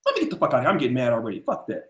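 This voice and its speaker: A man ranting loudly and crudely on a podcast, boasting and shouting, then dropping to a mutter. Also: medium pitch, huge pitch swings, rapid-fire, echoey room. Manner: loud, profane, boastful, swings from shouting to muttering. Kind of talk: heated casual podcast rant.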